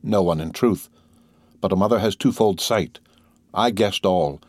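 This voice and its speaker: A man's voice: low voice, measured pace, no echo, clean studio sound. A man voicing a desperate noblewoman pleading for her son in an audiobook. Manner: pleading, despairing. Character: desperate pleading noblewoman, mother, middle-aged. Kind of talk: audiobook character reading.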